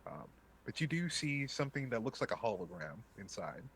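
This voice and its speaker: Game master guy, animated pitch, casual, fillers, tabletop narration. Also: fairly quick, slight background noise.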